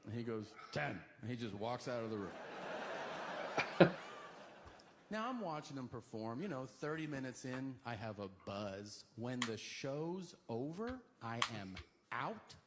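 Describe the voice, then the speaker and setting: A man's voice: medium pitch, very animated, a little slow, heavy background noise. A man doing stand-up, telling a story and acting out both sides of the conversation. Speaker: stand-up comedian. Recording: live stage set with audience laughter.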